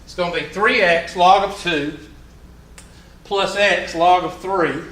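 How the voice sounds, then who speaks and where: Bright-voiced Southern man teaching math. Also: high-pitched, steady tone, slow pace. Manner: folksy, joking asides while working problems. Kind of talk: classroom lecture. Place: classroom. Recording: echoey classroom from far off.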